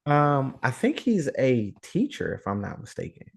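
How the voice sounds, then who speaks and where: A man's voice: medium pitch, huge pitch swings, moderate pace, gravelly, husky. A man with a Northeastern US accent, co-hosting a podcast in casual chat, full of "like" and "you know". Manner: laid-back, lots of "like" and "you know". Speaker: podcast co-host.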